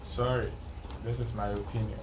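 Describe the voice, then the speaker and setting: A man's voice: lowish voice, level tone, moderate pace, slight background noise. A man, a co-host, giving his opinion hesitantly and repeating phrases as he thinks. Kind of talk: opinion discussion.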